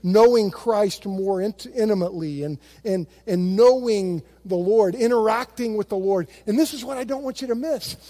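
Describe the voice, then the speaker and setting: Guy pastor with a high voice, mellow warm tone, animated sermon storytelling with lots of restarts. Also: normal speed, hardly any pauses. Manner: imitates other voices in quotes.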